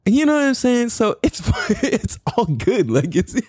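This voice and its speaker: Young man, podcast host, slangy rambling, slow drawl, lively pitch, dry sound. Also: husky, dry recording. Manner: rambling, laughs a lot, slangy. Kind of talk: solo casual podcast chat.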